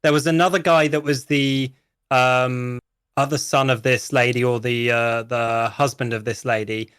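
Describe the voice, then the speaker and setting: A man's voice: mid-range voice, little pitch movement, normal speed, a bit bright, smooth, dry recording. Guy rambling on a podcast, mid voice, dry close mic. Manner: rambling, swears casually, many restarts. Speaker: roleplay guest. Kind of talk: casual podcast chat.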